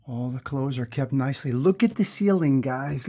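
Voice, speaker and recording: This is a male host guiding viewers through an old house room by room, his words full of admiration and frequently repeated. His mid-range voice is expressive and mellow, delivered at a moderate pace.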